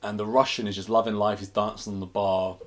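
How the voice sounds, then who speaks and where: A man's voice: on the low side, flat delivery, fast talker. Man, podcast co-host, casual film review, plot recaps. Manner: recaps plots, acts out the characters.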